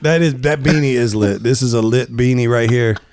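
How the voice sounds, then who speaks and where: A man's voice: mid-range voice, brisk, a little mellow, no room sound, soft background music. A man hosting a comedy podcast, telling stories in casual chat with frequent laughs and restarts. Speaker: podcast host.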